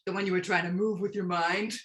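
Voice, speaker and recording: A woman voicing a chatty, touchy pug dog in a staged play reading, quick to take offense and eager to help. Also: lowish voice, steady tone, a bit bright, a little hiss or hum, natural voice.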